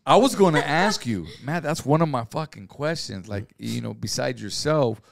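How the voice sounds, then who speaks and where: A man hosting a podcast, asking a guest questions in relaxed, slangy talk. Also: mid-range voice, moderate pace, gravelly, no echo. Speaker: podcast host. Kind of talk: casual chat.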